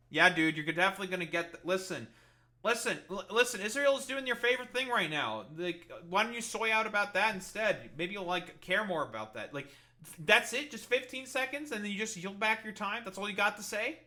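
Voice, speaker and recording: Male commentator, sarcastic and profane, piercing bright tone. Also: high voice, animated, brisk. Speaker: political commentator. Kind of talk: ranting reaction commentary.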